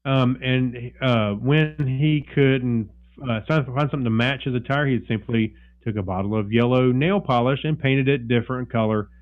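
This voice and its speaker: In a casual chat, a male podcast co-host reads a news story aloud, halting through many fillers and restarts. His pitch sits in the middle, and the recording sounds dull and lo-fi.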